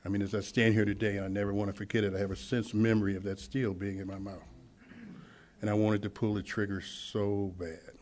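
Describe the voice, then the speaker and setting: A man speaking at a recovery meeting, telling his own story and acting out the dialogue, swinging from hushed to loud. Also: fairly low pitch, level tone, a little fast. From Los Angeles. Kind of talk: personal testimony at a meeting.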